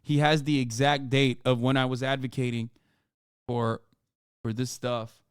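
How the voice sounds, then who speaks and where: A man's voice: mid-range voice, flat delivery, a little slow, clean tone, no room sound, studio quality. A man streaming a reaction, commenting in an exasperated, profane rant. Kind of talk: casual livestream reaction commentary.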